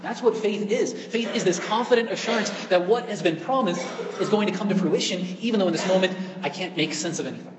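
A man's voice: sits high, brisk, hardly any pauses, echoey room, big-room sound, crowd noise, low-quality recording. A man preaching a sermon as a priest, in an earnest storytelling way.

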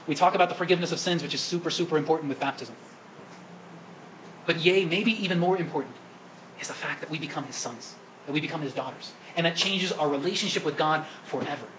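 A man's voice: high voice, a bit bright, a little hiss or hum, rough recording. A man preaching a sermon at Mass as the priest, asking the congregation questions and coaxing them to answer. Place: church during Mass.

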